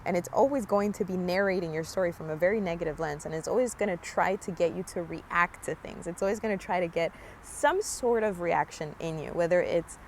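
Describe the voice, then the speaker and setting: A woman's voice: fairly low pitch, a little hiss or hum. A young woman musing earnestly outdoors in a park, talking casually about spiritual growth with many fillers. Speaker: spiritual vlogger. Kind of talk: casual reflective monologue.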